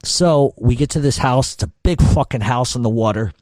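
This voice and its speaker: A middle-aged podcast storyteller spins a long, rambling yarn in casual talk, swearing often and restarting his sentences again and again. His voice sits at medium pitch, a little mellow, at a moderate pace. The recording is dry and clean, with studio sound.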